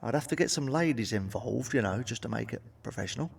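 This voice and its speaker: A middle-aged man doing a crude stand-up comedy routine, swearing freely and landing deadpan punchlines. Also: medium pitch, fast, gravelly, husky, far from the mic.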